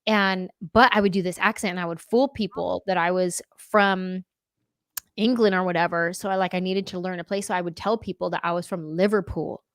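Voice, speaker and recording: A woman hosting a casual chat show, talking in a chatty, playful way with quick asides. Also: lowish voice, fairly even intonation, dry recording, studio quality. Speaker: host.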